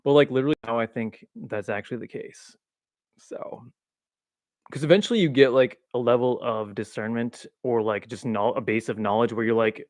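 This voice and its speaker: A man hosting a livestream from a chair at home, rambling through spiritual ideas with lots of fillers and self-mocking laughs. His voice sits in an ordinary middle range. The recording is close and dry on a boom mic. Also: moderate pace, a little mellow, no echo. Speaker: livestream host. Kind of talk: casual spiritual chat. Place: home room, seated in a swivel chair. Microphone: boom-arm mic.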